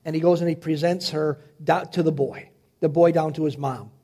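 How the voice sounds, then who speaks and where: A man preaching, dramatically retelling a Bible story, swinging from loud to hushed. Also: a little high, steady tone, fairly quick, slightly rough. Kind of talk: animated Bible storytelling sermon.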